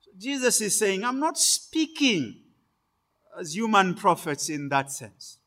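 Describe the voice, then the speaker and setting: Emphatic high-voiced male preacher. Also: big pitch swings. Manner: emphatic, with sudden loud stresses on key words; deliberate, phrase by phrase delivery. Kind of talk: sermon.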